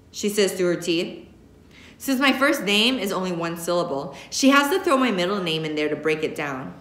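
A woman narrating a novel aloud as an audiobook reader, in an expressive storytelling manner. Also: lowish voice, normal speed. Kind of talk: scripted narration. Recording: roomy echo.

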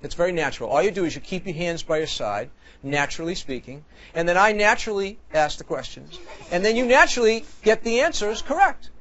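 Animated high-voiced priest hosting a quiz. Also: male voice, a little fast. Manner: jokey, animated, shouts excitedly. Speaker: priest and game show host. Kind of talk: lively game show hosting. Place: TV studio with audience. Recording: dull lo-fi studio sound.

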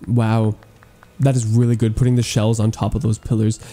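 A man giving excitable, gushing gameplay commentary as he tours a game island, cracking playful puns. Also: fairly low pitch, moderate pace. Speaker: gaming YouTuber touring an island.

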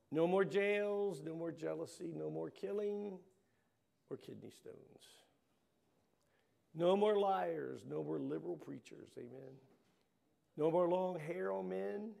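Man, preacher, sermon, rhythmic lists, joking asides, fairly high voice, very gravelly. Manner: rhythmic alliterative list, rising to loud bursts.

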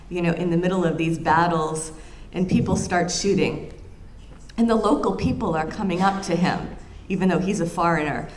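A woman historian giving a public lecture, telling anecdotes in an animated way with frequent ums and restarts. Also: medium pitch.

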